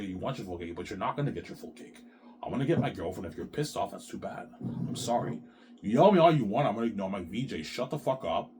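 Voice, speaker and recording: A man's voice: on the low side, darkish tone, slight background noise. A middle-aged man delivering a profane, repetitive ranting monologue to camera, tacking "man" onto the end of his phrases. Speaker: vlogger.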